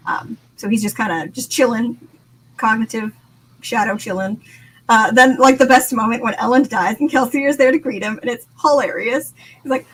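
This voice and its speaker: A woman co-hosting a casual book discussion, excitable and laughing often as she reads quotes aloud. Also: a little high, moderate pace, breathy edge, poor audio. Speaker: podcast co-host.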